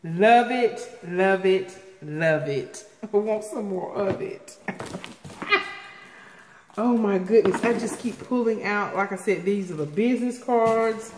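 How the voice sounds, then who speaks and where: A woman in a casual home vlog, unboxing fan mail at an unhurried pace. She gasps and repeats herself in delight. Her voice rings in an echoey room with long reverb and a faint hiss behind it. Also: medium pitch. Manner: excitable, gasping, repeating herself. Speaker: vlogger opening viewer mail.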